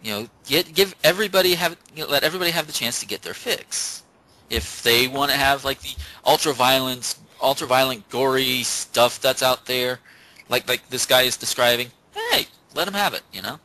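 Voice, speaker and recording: A man's voice: mid-range voice, moderate pace, bright, forceful tone, low-quality recording. A man on a casual podcast who gives the game news, rambling with lots of fillers.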